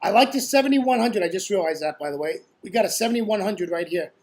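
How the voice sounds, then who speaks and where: Trading tutor, male, high-pitched, talks loosely and jokes, says "right?" constantly. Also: expressive, fast, darkish tone. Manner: chatty, constantly asks "right?"; blunt and joking. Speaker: forex trading educator. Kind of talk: casual screen-share trading commentary.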